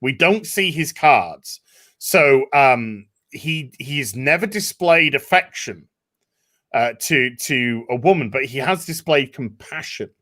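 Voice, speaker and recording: A man hosting a casual discussion, animated, acting out quotes. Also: medium pitch, slow. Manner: animated, acts out quotes in voices. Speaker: podcast host.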